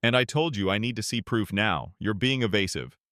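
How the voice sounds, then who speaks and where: A man's voice: on the low side, expressive, a little fast, a bit bright, no room sound, studio quality. A man voicing a curt, hostile male federal immigration agent who talks in blunt commands. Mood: curt, commanding.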